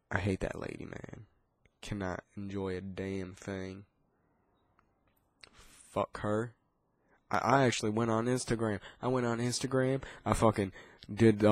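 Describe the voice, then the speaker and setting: A man with a lowish voice rants in a loose, casual way, cursing nearly every line and restarting his sentences. The sound is dry, with no room echo. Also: darkish tone. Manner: swears constantly, rambling with restarts. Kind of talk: casual profane rant.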